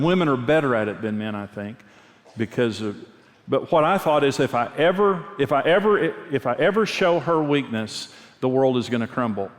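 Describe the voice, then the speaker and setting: A middle-aged man preaching a sermon, telling personal stories candidly and earnestly, often repeating a phrase for emphasis. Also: mid-range voice. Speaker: pastor and marriage teacher. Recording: long hall reverb.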